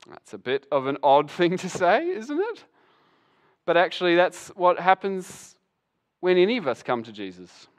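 Lively pastor preaching. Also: male voice, high voice, normal speed. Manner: animated storyteller, acts out the voices of Bible figures. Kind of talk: sermon.

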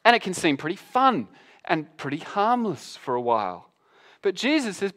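A man preaching a sermon, animated and conversational, acting out both sides of a Bible passage in quick voices. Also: sits high. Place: church hall with an audience.

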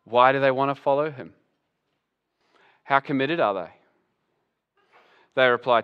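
A man preaching a sermon as pastor, animated and acting out the voices of Bible figures. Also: mid-range voice, measured pace, pauses often, clear, resonant tone, muffled recording.

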